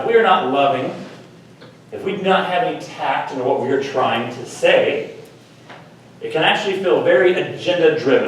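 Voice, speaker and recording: A man gives a chatty youth talk in a church meeting, slipping into playful voices to act out what people say. His voice sits a bit high and reaches the mic from a distance. A strong echo fills the room over faint background noise.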